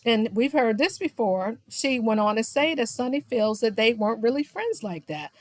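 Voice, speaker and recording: A woman recapping a reality TV show, sassy and gossipy, with speech. She has a fairly high voice and acts out the cast's lines in animated snatches. The sound is dry and close, with no room around it. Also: normal speed, no echo. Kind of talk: casual recap commentary.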